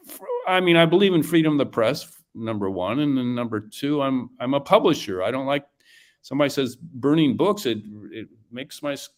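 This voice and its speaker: A man being interviewed as an author and publisher, talking casually and haltingly with many restarts. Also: mid-range voice, expressive. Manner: halting, full of restarts and fillers.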